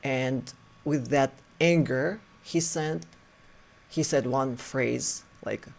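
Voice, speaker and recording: A man's voice: mid-range voice, slow, creaky. A man casually telling a personal story in a rambling way, with many restarts and fillers. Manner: animated retelling with acted quotes.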